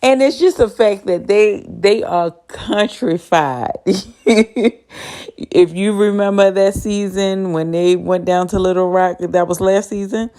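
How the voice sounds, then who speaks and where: A woman in a casual, animated TV episode recap, chatting and laughing often. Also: mid-range voice, slow.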